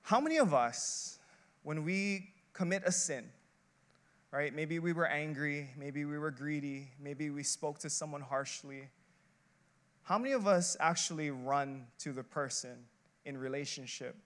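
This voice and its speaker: A man's voice: fairly high pitch, measured pace, a bit bright. A man, an associate pastor, preaching a sermon in a conversational, emphatic way, building his points through rhetorical questions and repeated short phrases.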